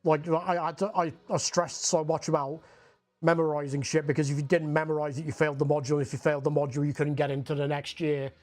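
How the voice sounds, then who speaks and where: Painting live on stream, this young man rambles in a Scottish accent, his high-ish voice flat and quick. He says "like" constantly and doesn't hold back on the swearing.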